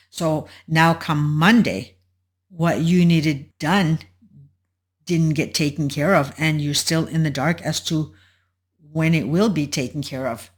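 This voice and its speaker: A woman hosting a solo advice talk, explaining in a measured way and walking through an example step by step. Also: deep voice. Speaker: host.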